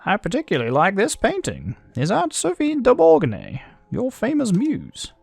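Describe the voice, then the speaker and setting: A man voicing a scheming, smooth-talking nobleman in a video game, in a high, theatrical put-on voice with a vague accent. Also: wildly swooping pitch, moderate pace, a little mellow, no echo, heavily acted. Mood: flattering.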